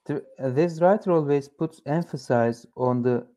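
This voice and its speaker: A man's voice: a little high, warm tone. A man learning English in a one-on-one lesson, reading example sentences and searching hesitantly for words. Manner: hesitant, halting, many fillers while searching for words.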